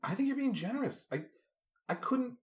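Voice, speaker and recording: A man co-hosting a casual movie chat, animated and slipping into mock voices when he quotes scenes. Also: very high-pitched, normal speed. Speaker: podcast co-host.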